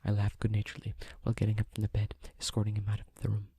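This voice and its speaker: A man reading a novel aloud as a whispered role-play, in a hushed, even manner. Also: lowish voice, racing, slightly rough. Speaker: audiobook reader.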